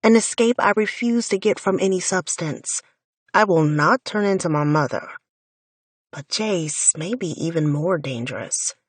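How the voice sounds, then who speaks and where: A woman's voice: on the low side, expressive, measured pace, slightly rough, no room sound. A woman narrating a first-person romance audiobook in an intimate, wry inner-monologue voice, recorded close on a studio mic.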